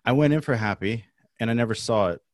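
A man's voice: mid-range voice, quick pace. A man in his forties, a host chatting casually and loosely with friends. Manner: loose and chatty, says dude. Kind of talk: casual chat.

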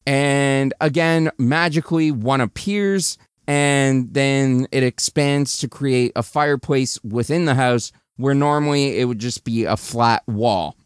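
A man giving a chatty, animated recap of a movie's plot, restarting sentences as he goes. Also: mid-range voice, a little slow, hardly any pauses, smooth, dry recording, studio quality.

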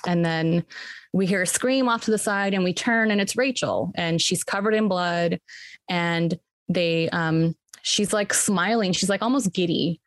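A woman's voice: lowish voice, unhurried, no room sound. Chatty woman recapping a film, dry. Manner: retells scenes with quoted voices, lots of "like" and "um". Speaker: movie recapper. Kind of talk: casual movie recap among friends.

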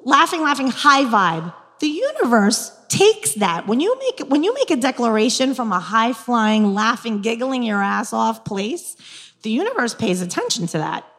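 A woman's voice: a little high, moderate pace, husky, in a large hall. Chatty New York woman in her forties. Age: 40s. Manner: lively, chatty, laughing, frank and crass. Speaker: guest speaker on dating and manifestation. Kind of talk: casual storytelling, coaching talk.

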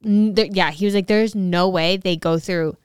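Young woman cohost, low smooth voice, dry close mic, easygoing chat. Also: fairly even intonation, no room sound. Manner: easygoing, conversational, quick agreeing replies. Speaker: podcast co-host. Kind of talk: casual chat.

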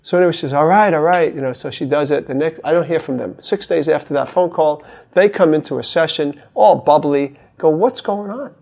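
Middle-aged guy therapist, bit of vocal fry, tells a story from his practice, animated, does the voices. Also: a little high, brisk, few pauses. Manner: animated, slips into the voices of the people in his stories. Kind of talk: storytelling in casual talk.

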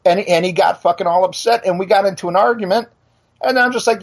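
A middle-aged man who hosts a podcast and radio show launches into a heated, profane, blunt rant, tripping into restarts as he goes. His voice sits high, with vocal fry and a quick pace.

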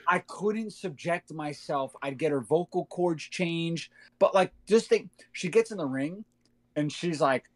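A man in casual podcast chat, his voice sitting a bit high for a man. He rants with animated energy, speeding up in quick bursts and breaking into laughter. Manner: animated ranting, fast bursts. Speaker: podcast co-host.

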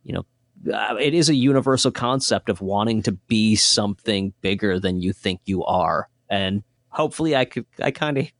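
A man's voice: fairly low pitch, normal speed, no room sound, studio quality. A man talking about his own horror film in a casual interview, earnest and rambling, often restarting his sentences.

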